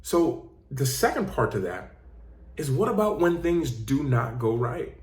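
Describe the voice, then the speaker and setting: A man who works as a life coach and host gives an earnest motivational talk, telling stories with emphatic, repeated phrases. His mid-range voice is very animated but unhurried, with a darkish tone. The room has a noticeable echo.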